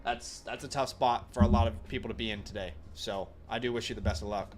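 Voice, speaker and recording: A man with a mid-range voice talks fast in a steady tone while hosting a casual fantasy football live stream. He answers viewer questions, thinks aloud with fillers and restarts, and gives blunt opinions, all with a runny nose.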